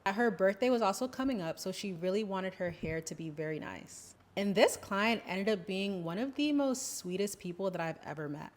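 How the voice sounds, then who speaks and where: A woman speaking as a lifestyle coach in an advice vlog, calm, gentle and instructive. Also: medium pitch.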